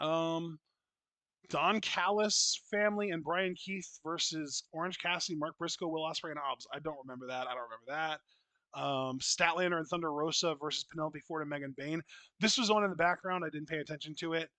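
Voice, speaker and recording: A man's voice: on the high side, fairly quick, pushed and bright, dry recording. A man co-hosting a casual podcast, talking in a blunt, opinionated and profane way, with rambling restarts. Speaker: wrestling podcast co-host.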